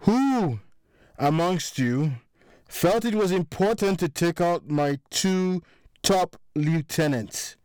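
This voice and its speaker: A man voicing a furious middle-aged crime boss, talking loud and sarcastic as he accuses his crew. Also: high-pitched, lively intonation, takes it slowly, smooth, no echo, studio quality, voice pushed up. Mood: angry. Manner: angry, raised and sarcastic.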